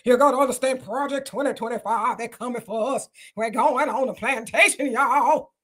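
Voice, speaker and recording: A man's voice: very high voice, moderate pace, a bit bright. A woman putting on the voice of a preachy male lawyer, in a melodramatic, sing-song preaching manner. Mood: mock alarm.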